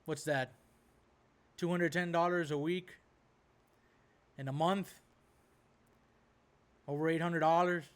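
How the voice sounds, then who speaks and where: Host of a reaction video, a man with a slightly high voice who rambles in a loose rant full of "right?" and "bro". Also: steady tone, slow, pauses often. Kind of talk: casual ranting commentary.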